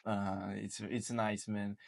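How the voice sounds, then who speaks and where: A man's voice: lowish voice, level tone, takes it slowly, vocal fry. A man from Brazil with a Brazilian Portuguese accent, speaking English as a second language as host of a casual chat, earnest and repetitive, often saying "man". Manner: earnest, repeats words and says "man". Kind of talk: casual conversation.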